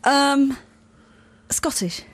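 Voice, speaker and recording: A woman's voice: sits high, very slow, a little hiss or hum. A woman in her thirties co-hosting a radio show, teasing dryly and laughing often. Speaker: guest radio co-host. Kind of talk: casual radio chat. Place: radio studio.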